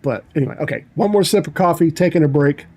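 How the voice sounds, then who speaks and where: A man's voice: fairly high pitch, quick pace, darkish tone. A middle-aged man chatting casually on a livestream, telling rambling, profane stories. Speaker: livestream host. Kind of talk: casual chat.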